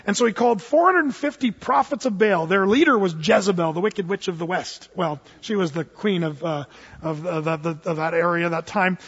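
Animated high-voiced male preacher. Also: normal speed, breathy edge, big-room sound, highs cut off. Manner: animated storyteller, swings from loud to hushed, jokes. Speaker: pastor. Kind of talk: sermon.

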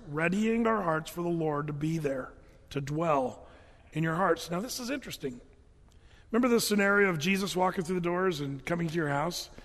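A man with a high voice preaches a sermon, retelling Bible stories with animated, folksy asides. His voice rings out with a long hall reverb. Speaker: pastor.

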